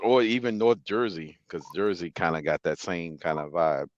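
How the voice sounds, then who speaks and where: A man's voice: deep voice, moderate pace, no room sound, muffled recording. A man co-hosting a podcast in a casual sports chat. He laughs often and lets his voice drop at the ends of phrases. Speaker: podcast co-host.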